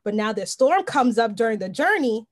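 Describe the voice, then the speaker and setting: A woman's voice: fairly high pitch, normal speed. A young woman co-hosting a podcast, chatting casually about faith and acting out the voices in her stories. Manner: animated storyteller, acts out quotes. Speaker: podcast co-host.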